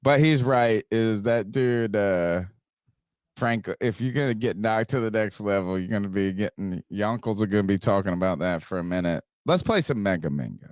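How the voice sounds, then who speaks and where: A man's voice: on the low side, animated, moderate pace, clear, resonant tone, dry recording, clean studio sound. A man hosting a sports podcast, teasing his co-hosts in a laid-back way. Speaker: podcast host. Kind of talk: casual sports podcast chat.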